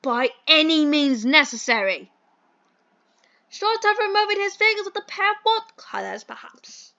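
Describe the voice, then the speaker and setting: A woman voicing a fussy, flowery old-fashioned gentleman in a dating sim, with a put-on British accent and a pompous, theatrical manner. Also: high voice, sing-song, unhurried, dull audio, heavily acted.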